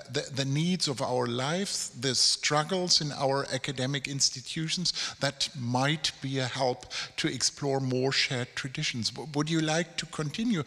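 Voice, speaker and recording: A man's voice: on the high side, bright, forceful tone. Male moderator, hesitant, repeats himself, reverberant hall sound. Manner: halting, repeats words while searching for phrasing. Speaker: panel moderator. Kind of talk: panel discussion.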